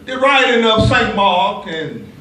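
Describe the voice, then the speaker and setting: A man delivers a sermon in a high, bright voice that swings widely in pitch. He preaches slowly and with force, shouting at his peaks while the congregation answers back. The sound is roomy and distant, picked up across a large church. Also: very animated, a little hiss or hum. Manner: call-and-response preaching, rising to shouts. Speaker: pastor. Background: congregation calling back.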